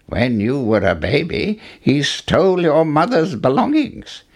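A man's voice: fairly high pitch, huge pitch swings, a little slow, voice pushed up, heavily acted. A man voicing a solemn mysterious old man.

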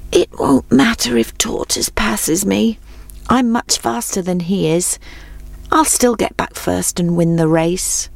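Boastful male hare for a storybook read, quick and cocky, low-voiced, voiced by a woman, close dry read. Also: animated, vocal fry, no echo, exaggerated voice. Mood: drowsy.

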